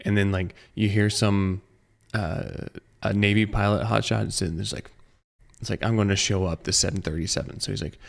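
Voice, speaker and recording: Gravelly-voiced man rambling through a story. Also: lowish voice, steady tone, normal speed. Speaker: podcast co-host. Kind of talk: casual chat among friends.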